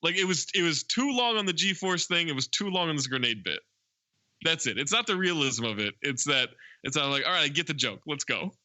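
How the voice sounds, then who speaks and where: A man's voice: a little high, expressive, brisk, bright, forceful tone, no echo. A man co-hosting a podcast, casually recapping a movie plot with lots of fillers. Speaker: podcast co-host.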